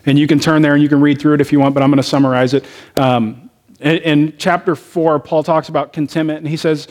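A man's voice: fairly high pitch, steady tone, fast, a little mellow. A man, a pastor, preaching a sermon and telling personal stories in a conversational way. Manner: conversational storytelling, personal anecdotes.

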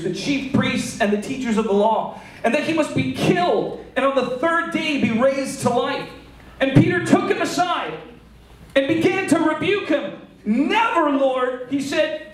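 A man preaching to his congregation with lively, joking delivery, often acting out the lines of the people in his story. His voice sits very high for a man and rings through a large echoey hall, caught from some distance off the mic. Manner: animated, joking, acts out quotes. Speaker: pastor. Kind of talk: sermon.

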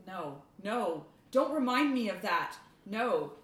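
A woman's voice: medium pitch, very animated, takes it slowly, a bit bright, echoey room, recorded from a distance. A woman playing a tabletop fantasy game, talking dramatically and laughing. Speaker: player. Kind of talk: casual tabletop play.

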